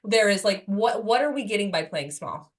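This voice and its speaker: A woman's voice: medium pitch, lively intonation, normal speed. A woman in casual podcast chat, talking emphatically and enthusiastically and swearing casually.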